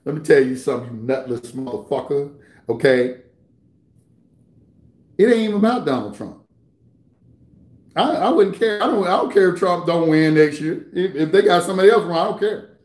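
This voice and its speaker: A man's voice: fairly high pitch, animated, moderate pace, long pauses, darkish tone, reverberant. A man hosting an internet radio show, delivering a heated, confrontational, profane monologue. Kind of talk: ranting monologue.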